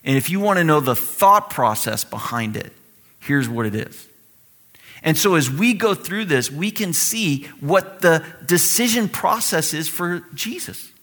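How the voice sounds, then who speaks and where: Animated man preaching a casual sermon. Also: fairly high pitch. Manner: conversational, animated, acts out quoted voices. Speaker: pastor.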